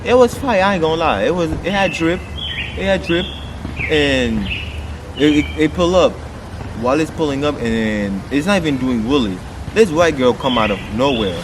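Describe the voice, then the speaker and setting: A man vlogging a story time, swearing freely and jumping to loud outbursts when he quotes people. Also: on the high side, normal speed. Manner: animated, swearing, loud bursts when quoting. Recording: noisy outdoor street sound.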